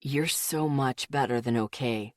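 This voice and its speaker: A woman voicing an earnest, protective teenage boyfriend in an audiobook, speaking low, soft and intimate. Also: unhurried, no room sound, studio quality. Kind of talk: audiobook character voice.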